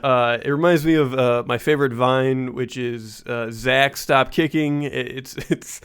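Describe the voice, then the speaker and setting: A man with an ordinary mid-range voice co-hosts a podcast. He drops in short joking asides and quick wry remarks during loose, casual talk. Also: mid-range voice, steady tone, a bit bright, clean tone. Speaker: podcast co-host.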